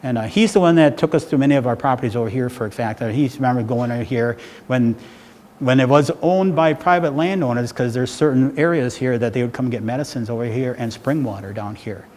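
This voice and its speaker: A middle-aged man speaks briskly in a medium-pitched, darkish voice, giving a public talk full of loose, meandering stories and frequent "right?" check-ins. Hall reverb and faint background noise are audible.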